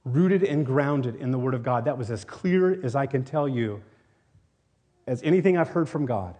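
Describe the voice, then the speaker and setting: Earnest Tennessee-raised pastor preaching. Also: male voice, mid-range voice, lively intonation, normal speed, warm tone. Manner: earnest, rambling with many restarts and fillers. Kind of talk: sermon. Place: church.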